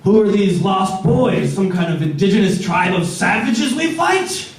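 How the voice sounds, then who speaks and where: A man's voice: high voice, animated, soft background music. A man voicing an eager, naive new pirate recruit on his first day aboard ship. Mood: curious. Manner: keen, chipper, asks rapid questions. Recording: echoey club, distant mic.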